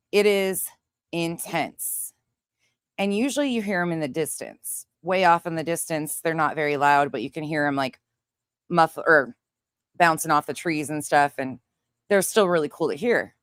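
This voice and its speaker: Low-pitched gal from montana cussing up a storm telling her chat a story, super dry sound. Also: clean tone, dry recording. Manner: profane, animated storyteller. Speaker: livestream host reading chat.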